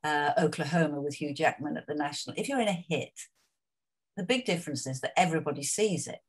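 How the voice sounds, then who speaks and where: A woman's voice: deep voice, fast talker, slightly rough. An older actress reflecting on her career in an interview, chatty and anecdotal, with many asides.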